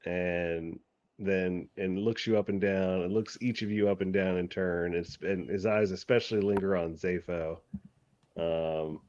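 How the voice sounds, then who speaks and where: A man's voice: sits low, steady tone, measured pace, a little mellow, dull audio. A man narrating as game master of a tabletop game, hesitant with many ums and uhs.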